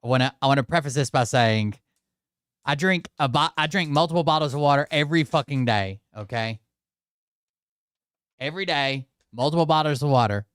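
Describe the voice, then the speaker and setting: A man's voice: medium pitch, fairly quick, a bit bright, clear, resonant tone, no echo, clean studio sound. Profane, exasperated male vlogger. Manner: exasperated, swears often, addresses viewers directly. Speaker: channel host. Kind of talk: casual profane rant to viewers.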